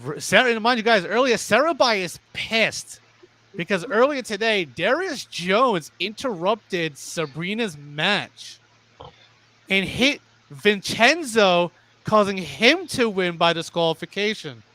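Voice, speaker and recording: A young man calls a wrestling match play by play, tripping over his words and restarting as he rushes ahead. His voice sits high for a man and rings bright and sharp. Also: expressive, dry recording. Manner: rapid, stumbling restarts, plugs sponsors. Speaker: play-by-play commentator. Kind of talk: excited wrestling commentary.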